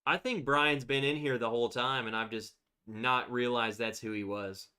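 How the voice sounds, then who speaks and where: A man's voice: medium pitch, steady tone, normal speed, bright, forceful tone, clear, resonant tone. A man hosting a casual livestream, chatting freely, laughing often and reacting to viewer comments. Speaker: livestream host.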